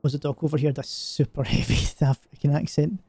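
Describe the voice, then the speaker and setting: A man's voice: on the high side, steady tone, fast, a little mellow. A man streaming a game, chatting casually and joking in a rambling way with lots of filler words. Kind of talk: casual gaming stream commentary.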